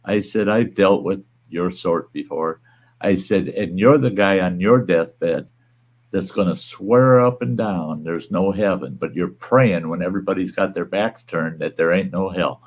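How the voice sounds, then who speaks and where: A man's voice: low-pitched, measured pace. A man from the United States hosting a casual chat show, talking bluntly and crudely and laughing often. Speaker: host.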